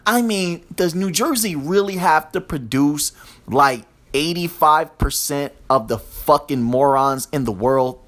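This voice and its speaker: A man with a slightly high voice hosts a solo podcast, tearing into things with crude profanity and sarcasm. He talks straight at his listeners, mocking and rough. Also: a little slow, a bit bright. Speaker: podcast host.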